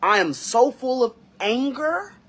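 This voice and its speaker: A man giving an emotional reaction monologue, fighting back tears, slow and halting with sighs and pauses. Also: very high voice, sing-song, fairly bright tone, a little hiss or hum. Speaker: vlogger reacting to news.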